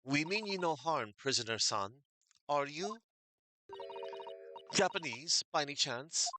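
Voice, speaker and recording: A man's voice: a little high, lively intonation, a little slow. A man voicing a courteous, slightly hesitant young male lawyer in a game. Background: game music.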